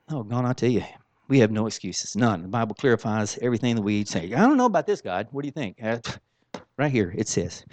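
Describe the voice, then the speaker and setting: A man preaching a sermon, swinging between soft asides and loud exclamations in a folksy, informal way. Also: medium pitch, no room sound.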